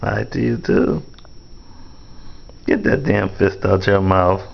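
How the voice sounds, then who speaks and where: A man talking playfully to an infant while filming, coaxing him and jumping into high baby-talk pitch. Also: steady tone, takes it slowly, gravelly, muffled recording.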